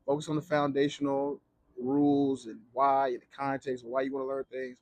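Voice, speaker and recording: A young man teaching Spanish from Mexico gives casual, slangy advice straight to the camera, heavy on fillers and curses. He speaks briskly in a mid-range voice with flat delivery and a darkish tone, recorded dry.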